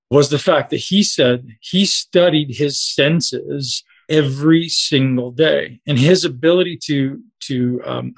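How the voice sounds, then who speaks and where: A man's voice: mid-range voice, gravelly, breathy edge. Man coaching a group, casual and direct. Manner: casual, animated, direct with listeners. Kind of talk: coaching call talk to a group.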